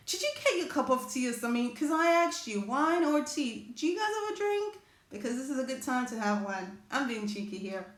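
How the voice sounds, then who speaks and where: A woman's voice: high-pitched, fairly bright tone. A woman hosting a live motivational talk, chatting with her viewers and reading their comments. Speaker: host of a live motivational stream. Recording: echoey room.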